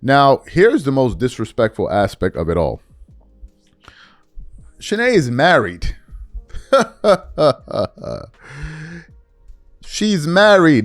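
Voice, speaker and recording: A man's voice: a little high, no room sound. Male commentary host, blunt and incredulous, dry close sound. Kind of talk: reaction commentary.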